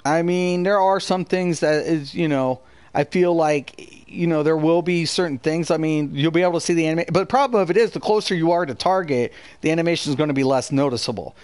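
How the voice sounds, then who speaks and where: Brief: male gaming streamer, combative and foul-mouthed, slightly high voice, dead-dry booth sound. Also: fairly quick, a little mellow, clean tone, no room sound. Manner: heated, profane, combative. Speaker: gaming streamer and channel host. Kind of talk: live stream rant, answering chat.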